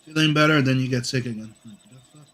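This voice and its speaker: A man's voice: mid-range voice, quick pace, fairly bright tone. A man with a cold, hosting a drawing stream in casual chat and swearing now and then. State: sick with a cough. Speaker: comic artist streaming.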